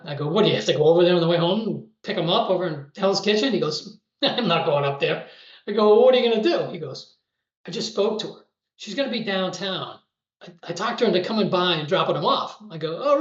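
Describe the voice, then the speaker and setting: A middle-aged man tells a casual story in a chatty way, laughing to himself and restarting his sentences. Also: high voice. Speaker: storyteller recounting trading days. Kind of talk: casual spoken anecdote. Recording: roomy, muffled recording.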